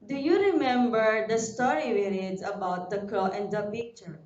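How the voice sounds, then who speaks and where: A woman's voice: medium pitch, darkish tone. A woman from the Philippines with a Filipino accent, teaching a recorded lesson to young pupils and spelling words out letter by letter. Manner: slow, deliberate classroom delivery, spelling words letter by letter. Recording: dull, roomy sound, voice a bit far from the mic.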